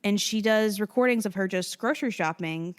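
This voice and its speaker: A woman's voice: mid-range voice, fairly quick, clean tone. A young woman co-hosting a casual podcast. She talks in a chatty way, often trails off, and loses her place in her notes. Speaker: podcast co-host. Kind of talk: casual chat.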